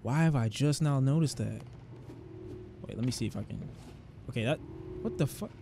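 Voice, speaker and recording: A young man giving excitable, trash-talking commentary while playing a video game. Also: medium pitch, normal speed, a little hiss or hum. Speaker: gaming streamer. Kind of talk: let's-play commentary. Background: game soundtrack.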